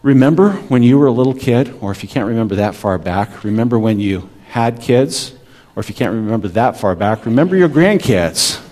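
A man's voice: mid-range voice, darkish tone. Conversational male pastor preaching. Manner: conversational, asks the congregation "right?" often. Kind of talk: sermon.

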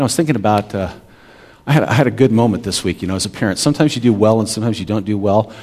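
A man's voice: medium pitch, darkish tone. A man in his forties, a pastor, preaching a sermon in a conversational way and often checking in with the congregation.

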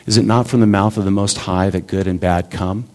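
A man's voice: deep voice, fairly even intonation, a little fast, a little mellow. A male pastor preaching a sermon in a conversational, folksy way, with asides and repeated words.

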